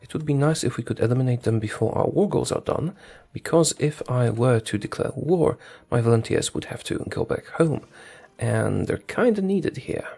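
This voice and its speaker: Gravelly man narrating his strategy game. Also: mid-range voice, lively intonation, normal speed, hardly any pauses, warm tone. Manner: thinks aloud, talks to his units, corrects himself. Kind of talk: casual gameplay commentary.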